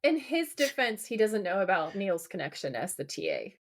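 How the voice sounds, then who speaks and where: A woman's voice: medium pitch, normal speed. A woman co-hosting a podcast, recapping a TV episode in casual chat and acting out the characters' lines as she goes. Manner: lively retelling, acts out the characters' lines. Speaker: podcast co-host.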